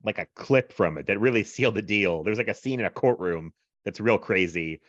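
Rambling low-voiced man, chatty podcast host. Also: a little fast, no echo, highs cut off. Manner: rambling, filler-heavy, laughs often. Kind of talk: casual chat.

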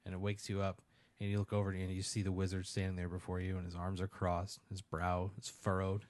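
Deadpan rambling man, low voice. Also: fairly quick, dry recording. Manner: rambling, deadpan, lots of fillers and "like". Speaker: podcast host. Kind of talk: casual comedic storytelling.

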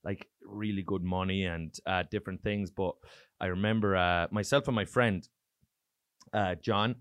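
An Irish man, a comedian, chatting casually and telling profane, animated stories. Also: low-pitched, normal speed, dry recording. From Ireland. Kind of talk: casual podcast chat.

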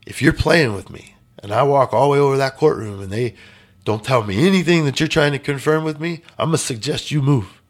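A man's voice: medium pitch, brisk. A man telling a personal story in a casual interview, blunt and emphatic with some swearing. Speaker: podcast guest.

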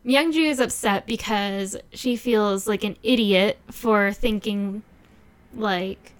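A woman co-hosting a casual chat, recapping a drama with lots of laughs and quick quoted asides. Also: medium pitch. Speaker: podcast co-host recapping a drama.

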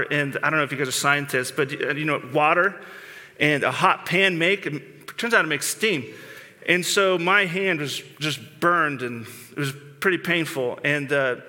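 A man's voice: on the high side, bright, forceful tone, long reverb tail. A male pastor preaching a sermon in an earnest, informal way, often restarting and repeating words. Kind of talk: conversational sermon.

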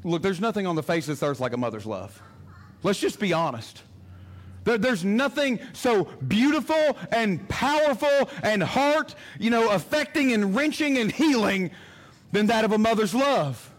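A man's voice: high voice, expressive, normal speed. A male pastor preaching a sermon in an impassioned, emphatic way, often repeating his phrases.

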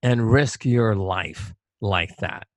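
A man's voice: fairly low pitch, takes it slowly, no echo. Middle-aged man, talk co-host, emphatic and rhetorical, dry close sound. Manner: emphatic, rhetorical, repeats himself. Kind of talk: casual political talk.

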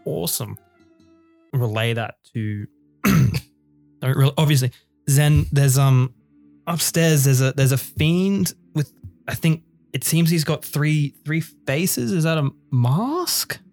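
A man's voice: a little high, takes it slowly, darkish tone, soft background music. A man playing a tabletop game, improvising his lines with stammers and hesitant fillers. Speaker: player. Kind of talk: casual tabletop play.

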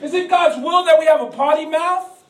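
High-voiced preacher in an echoey church. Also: male voice, normal speed. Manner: call-and-response preaching, rising to shouts. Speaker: pastor. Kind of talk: sermon. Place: church sanctuary. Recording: echoey church hall from far off.

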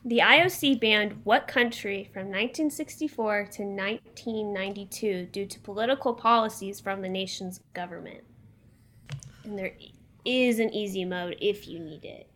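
A young woman runs a trivia game, reading each question aloud at a measured pace. Her delivery is plain and unhurried, with a middle-range voice. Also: medium pitch, a bit bright, slight background noise. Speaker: quiz host.

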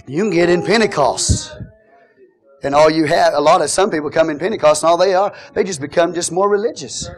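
A man preaching a Pentecostal sermon, moving between fervent shouted praise and quieter teaching. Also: a little high, fairly quick.

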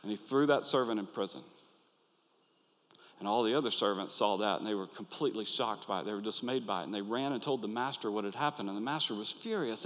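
A pastor preaching an earnest, animated sermon to his listeners, acting out the quoted lines. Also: mid-range voice, fast talker. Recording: long hall reverb.

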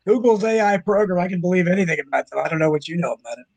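A man's voice: high-pitched, fast, gravelly, darkish tone, dry recording. A man co-hosting a talk radio show, chatting casually with stammering restarts. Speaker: radio co-host.

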